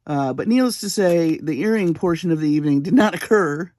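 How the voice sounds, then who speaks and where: This jewelry-making channel host has a lowish, warm voice with lively intonation and a brisk pace, recorded without echo. Filming in her home bead room at 3 a.m., she spins a chatty story at her own expense and laughs often.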